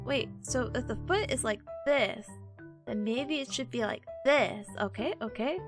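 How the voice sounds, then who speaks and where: A woman's voice: a little high, measured pace, over music. A woman streamer in casual live chat, playful and silly, laughing often between lines. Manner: silly, sings sound effects.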